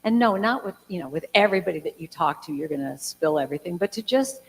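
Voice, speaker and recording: A woman's voice: on the low side, expressive, fast, gravelly. A woman in her sixties talking casually to a church congregation, with a chatty storytelling manner full of fillers and acted-out quotes. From California. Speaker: guest speaker and singer. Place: large church hall. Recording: reverberant hall.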